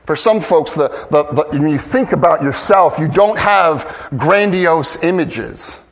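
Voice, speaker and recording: A man's voice: on the high side, unhurried. A man preaching a sermon as a pastor, earnest and emphatic, often restarting his phrases.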